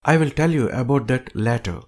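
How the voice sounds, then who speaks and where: Man, audiobook reader, mid-pitched voice, measured emphatic delivery. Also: lively intonation. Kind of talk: audiobook reading.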